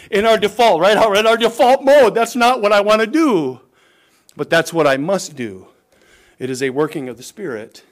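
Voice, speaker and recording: A middle-aged man preaching a sermon as pastor, emphatic, swinging between raised exhortation and quiet asides. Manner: emphatic preaching, rises and falls in pitch and volume, occasional chuckles.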